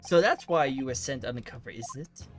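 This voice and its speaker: A stern older judge speaks slowly and with solemn formality from the bench, his voice swinging widely in pitch, as a streamer puts him on. Soft music sits behind him. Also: lively intonation, lightly acted. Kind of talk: reading game dialogue aloud with voices.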